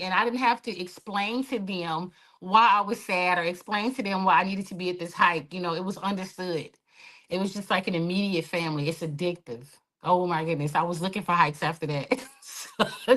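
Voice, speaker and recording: Lady on a podcast, super passionate, animated story. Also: mid-range voice. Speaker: guest, hike organizer. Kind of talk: podcast interview, personal story.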